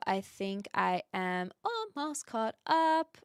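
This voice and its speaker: A woman's voice: high voice, lively intonation, extremely slow, few pauses, no room sound, studio quality. A woman hosting a livestream, chatting casually with viewers in a rambling way, full of fillers and little laughs. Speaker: livestream host.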